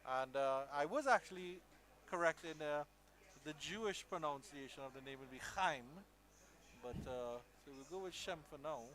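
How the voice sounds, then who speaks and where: Guy calling cricket live, kinda high voice, bright and forceful, gets loud when the big shots land. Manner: measured, rises to loud excited calls on big shots. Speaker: cricket commentator. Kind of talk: live sports commentary.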